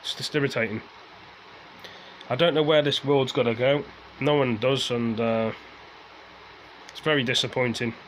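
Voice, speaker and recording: A man's voice: medium pitch, steady tone, moderate pace, long pauses, slight background noise, poor audio. A man ranting casually to his viewers, rambling and repeating himself as he airs his frustration. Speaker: vlogger.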